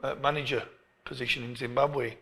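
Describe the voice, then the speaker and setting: A middle-aged English man, a football coach being interviewed, who tells stories in an animated way and often restarts his phrases. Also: medium pitch, brisk, gravelly. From England. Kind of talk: storytelling interview.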